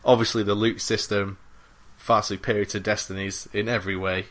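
Here a gaming podcast co-host talks about games in a loose, rambling way, full of fillers and false starts. His lowish voice has little pitch movement and runs a little fast, with noise in the background.

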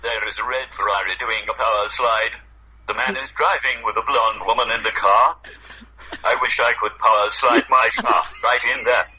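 A man's voice: mid-range voice, moderate pace, a little hiss or hum, low-quality recording. A crude robot-voiced man. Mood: offended. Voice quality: flat synthetic speech, deadpan delivery of crude lines. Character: crude robotic-voiced younger brother, touchy and boastful. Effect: text-to-speech synthesiser voice. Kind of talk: comedy sketch on a podcast.

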